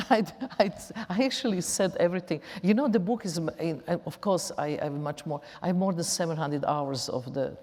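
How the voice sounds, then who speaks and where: A woman with a Serbian first language and a Slavic accent speaks non-native English as an onstage interview guest, often repeating and restarting phrases. Her voice is lowish, darkish, and a little fast. The conversation takes place in a large auditorium, with long hall reverb.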